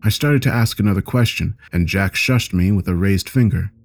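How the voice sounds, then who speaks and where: Low-voiced man narrating a horror story. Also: vocal fry, a little mellow. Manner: measured, first-person storytelling.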